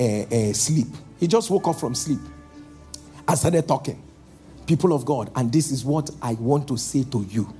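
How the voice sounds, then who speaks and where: A man preaching a sermon as pastor, calling out to the congregation and slowing down for emphatic lines. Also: fairly high pitch. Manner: calls out to the congregation, shifting between loud exhortation and slow emphatic lines.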